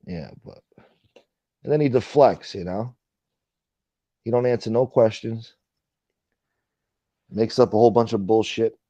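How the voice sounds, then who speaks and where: A man's voice: on the low side, a little slow, pauses often, mellow, dry recording, muffled recording. A man hosting a casual late-night livestream chat, rambling and swearing as he reads and answers viewer comments. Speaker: livestream host.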